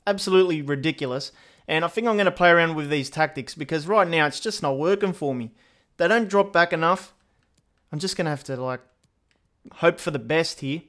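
A man giving casual, chatty commentary over his own football game, often exasperated and getting excited at big chances. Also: on the high side. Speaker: gaming YouTuber.

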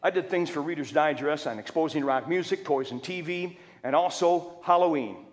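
Middle-aged male preacher, lively high voice, acts out his stories with humor, long hall echo. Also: moderate pace. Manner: animated, acts out quotes with humor. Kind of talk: storytelling sermon. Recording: reverberant church hall.

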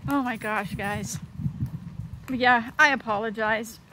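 A woman in her thirties vlogging outside on a windy day, her voice sitting a little high. Her talk is chatty and scattered, jumping from one thing to the next as she films on a handheld camera. A faint hiss of noise runs underneath. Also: fairly even intonation, slow, sharp tone. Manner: chatty, scattered, flits between topics. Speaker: vlogger, homeschooling mom. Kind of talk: casual vlog.

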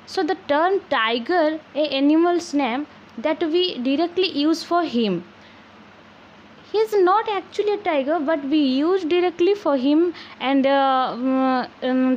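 Casting: high-voiced woman, patient teacher explaining poetry with frequent fillers. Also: darkish tone, dull audio, a little hiss or hum. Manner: unscripted, many "uh" fillers, spells words out letter by letter. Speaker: literature teacher. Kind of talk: explanatory lesson narration.

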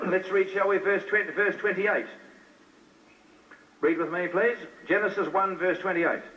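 A man's voice: sits high, steady tone, measured pace. A man preaching a sermon with fervor, putting rhetorical questions straight to his listeners. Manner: fervent, talks straight to the crowd with rhetorical questions. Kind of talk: fiery sermon. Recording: dull lo-fi recording from a distance.

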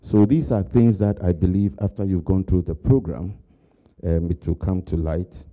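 A man's voice: sits low, fairly even intonation, normal speed, warm tone. An older man giving a conversational keynote speech, telling anecdotes and laughing at his own jokes. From Ghana. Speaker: keynote speaker.

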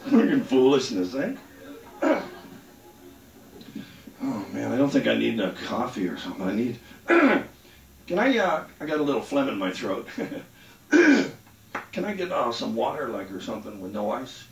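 A man's voice: mid-range voice, huge pitch swings, a little slow, vocal fry, long pauses. A man doing a rambling, crude stand-up set on a comedy club stage. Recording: roomy club sound, mic at a distance.

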